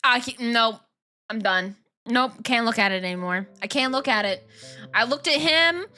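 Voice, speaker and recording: A woman's voice: fairly high pitch, expressive, normal speed, bright, forceful tone. A young woman streaming a game and chatting casually, ranting with slang and laughter. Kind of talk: casual chat while gaming. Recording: faint music behind.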